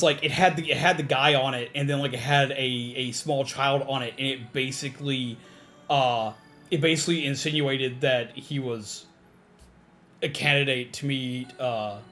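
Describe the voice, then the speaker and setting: This is a mid-range, slightly bright male voice. While streaming a game, he rants and rambles casually, swearing and leaning heavily on filler words.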